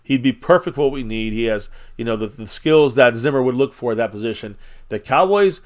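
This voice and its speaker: A man's voice: mid-range voice, lively intonation, a little fast. A man hosting a casual live-stream chat, rambling and blunt, swearing freely and reading viewers' comments aloud.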